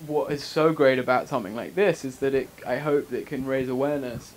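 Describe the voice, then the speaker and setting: A man's voice: mid-range voice, fairly even intonation, brisk. A young British man, an actor chatting in a casual on-set interview, rambling and self-deprecating. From Britain.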